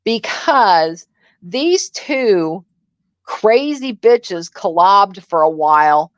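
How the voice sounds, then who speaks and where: A woman's voice: mid-range voice, lively intonation, very slow, dry recording, muffled recording. A woman in her sixties co-hosting a live commentary stream, blunt, sassy and profane, acting out what people said. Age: 60s. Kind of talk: casual commentary chat.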